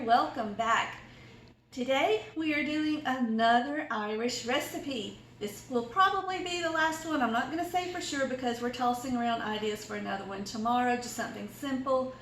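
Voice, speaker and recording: A woman's voice: a little high, normal speed, fairly bright tone, echoey room, slight background noise, low-quality recording. A woman with a Southern US accent hosting a cooking vlog, chatty and folksy as she walks through a recipe in her home kitchen. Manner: chatty, folksy, self-deprecating. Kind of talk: casual cooking tutorial.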